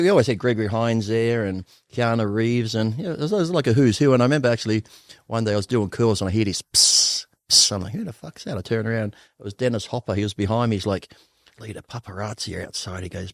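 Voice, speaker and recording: A middle-aged Australian man telling rapid, profane stories as a guest on a podcast, acting out the voices of the people he quotes. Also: lowish voice, no room sound, studio quality. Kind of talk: casual storytelling interview.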